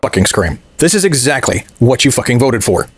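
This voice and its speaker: A man's voice: medium pitch, big pitch swings, brisk, over music. A man ranting in a video commentary, swearing often and mocking in a sarcastic, scornful way. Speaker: political commentator.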